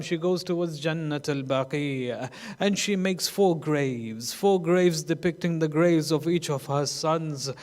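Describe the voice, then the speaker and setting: Man, sheikh, mournful sermon, high voice, slow and deliberate, chanted arabic phrases. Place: mosque hall. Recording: long reverb of a large hall.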